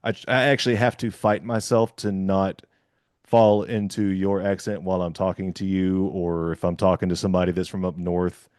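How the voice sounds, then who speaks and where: A man's voice: low-pitched, level tone, moderate pace, darkish tone, no room sound, studio quality. A man hosting a casual interview, chatty and rambling, with many fillers and restarts. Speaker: podcast interviewer.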